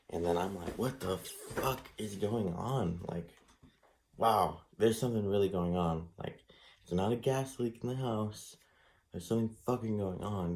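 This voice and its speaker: A man's voice: sits low, a little mellow, low-quality recording. A man speaking casually to camera in a rambling monologue, swearing a lot and using many fillers, earnest and shaken. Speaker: vlogger.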